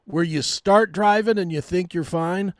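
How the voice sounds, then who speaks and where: Animated man with a higher voice. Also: unhurried, no echo, clean studio sound. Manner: animated, profane, self-mocking. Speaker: co-host. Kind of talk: casual storytelling chat.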